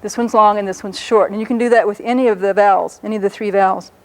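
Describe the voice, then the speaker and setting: A woman lecturing on a language, talking patiently and slowing down to spell out and pronounce each word carefully. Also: mid-range voice, steady tone, a little mellow, poor audio. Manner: patient, explanatory, slows down to pronounce words carefully. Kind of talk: educational lecture on a public-access show.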